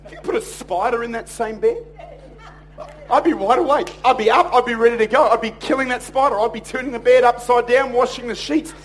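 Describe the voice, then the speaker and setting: A man preaching a sermon in church, telling stories in a jokey, animated way and acting out other people's voices. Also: very high voice, brisk, a little hiss or hum. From Australia. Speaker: pastor.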